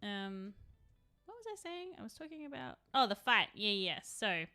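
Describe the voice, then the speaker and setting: A woman's voice: medium pitch, very animated, normal speed, bright, forceful tone, smooth, faint music behind. A young adult woman chatting casually on a live stream while she paints, rambling and laughing often.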